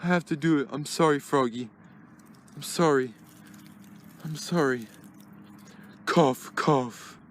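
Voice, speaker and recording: A man's voice: fairly high pitch, takes it slowly, long pauses, slight background noise. A man voicing Ted, a dim-witted, mischievous teddy bear in a plush toy comedy, talking in a frantic, stammering dither. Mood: resolute.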